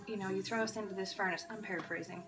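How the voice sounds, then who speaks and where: A woman's voice: medium pitch, fairly even intonation, very fast, recorded from a distance, rough recording. A woman giving an earnest, emotional devotional talk to church kids, restarting her phrases often. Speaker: church kids' devotional speaker. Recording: music behind, voice a bit off-mic.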